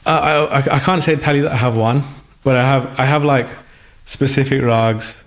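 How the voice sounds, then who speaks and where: Here the guest musician has a mid-range voice, a steady tone and a normal speed. He's talking thoughtfully in a conversational interview, with some hesitant restarts. His voice is still on the mend after being ill.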